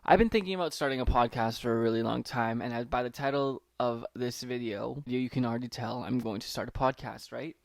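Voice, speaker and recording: A man's voice: medium pitch, a little fast, vocal fry, few pauses, dry recording. A young man hosting a solo podcast intro, nervous and rambling, reading from a letter and swearing casually. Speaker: podcast host.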